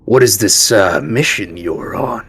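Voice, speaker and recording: A man's voice: fairly low pitch, expressive, a little slow, fairly bright tone, husky, heavily acted. A man voicing a shrewd, amused, wounded male camp leader who talks in a sly, teasing way.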